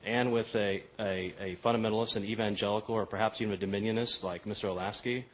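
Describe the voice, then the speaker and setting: A man's voice: on the low side, steady tone, fast, fairly bright tone, low-quality recording. A man in the audience who asks a probing follow-up question in a hesitant way.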